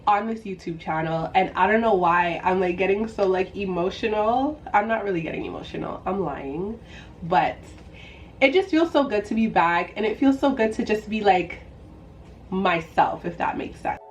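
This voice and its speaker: A woman's voice: medium pitch, animated, moderate pace, a little hiss or hum. A young woman vlogging casually while doing her makeup, bubbly and giggly, with lots of filler words. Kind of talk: casual chatty get-ready-with-me vlog. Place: indoors at home, doing makeup.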